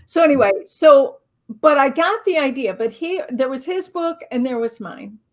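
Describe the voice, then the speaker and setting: A middle-aged woman who teaches spirituality and writes books tells a lively, self-mocking story as an interview guest, acting out her own thoughts. Her voice sits high and she speaks at a moderate pace.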